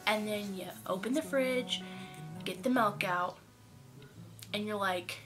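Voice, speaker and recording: A woman's voice: mid-range voice, slow, over music. A young woman vlogging casually to camera, chatty, with many "like"s and a sore throat. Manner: chatty, animated storytelling with many "like"s.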